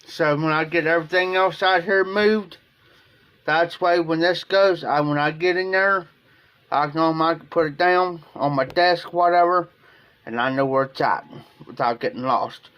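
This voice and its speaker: A man's voice: a little high, normal speed, fairly bright tone, smooth. A man from Ohio talking casually on a livestream in a rambling, emotional way, often repeating himself. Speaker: live streamer.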